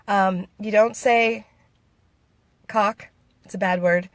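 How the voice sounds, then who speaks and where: American woman vlogger, chatty and giggly, dry close sound, medium pitch. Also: fairly even intonation, takes it slowly, no room sound. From United States. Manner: giggly and playful, laughs often. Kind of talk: casual chat to viewers, reading comments.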